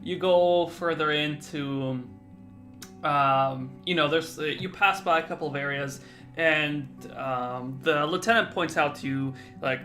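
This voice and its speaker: A young man narrating as game master, halting often with fillers and restarts. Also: mid-range voice, steady tone, sharp tone, faint music behind. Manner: hesitant, many fillers and restarts.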